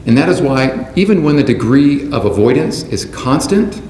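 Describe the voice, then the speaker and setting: A man speaks at an even middle pitch, delivering a prepared keynote at a careful, deliberate pace. The sound carries the roomy echo of a large conference hall. A faint hum of background noise sits underneath. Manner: measured, deliberate delivery from a script. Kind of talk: prepared speech to an audience.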